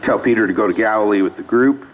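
Preacher guy, real low voice, chatty storytelling sermon, bit of faint noise behind. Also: fast talker, lo-fi sound. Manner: conversational storytelling with asides. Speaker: pastor. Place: small rural church.

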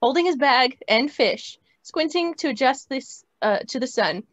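Woman reading stage directions, high voice, dry muffled lo-fi call audio. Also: a little slow. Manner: plain, steady reading. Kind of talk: script table read. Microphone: video call.

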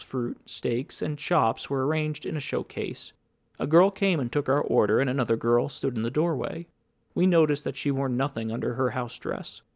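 A man reading an audiobook in a steady, even scripted narration. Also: mid-range voice.

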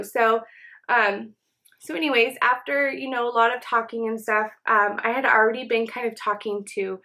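At home, a young beauty vlogger chats casually through a get-ready-with-me session while doing her makeup. Her voice is a little high and sharp in tone, with fairly even intonation and a moderate pace. She rambles, leaning heavily on fillers like "um" and "you know."

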